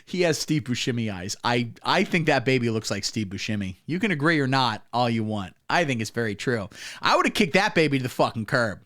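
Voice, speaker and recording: A man's voice: medium pitch, sing-song, fairly quick, a bit bright. A man hosting a comedy livestream, riffing with crude, profane, mocking commentary. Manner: profane, rambling, mocking riffs.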